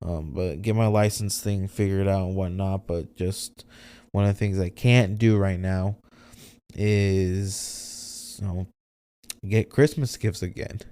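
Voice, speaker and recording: A young man hosting a solo podcast, speaking candidly in a halting, emotional way, near tears and swearing often. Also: deep voice, steady tone, mellow, clear, resonant tone. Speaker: podcast host.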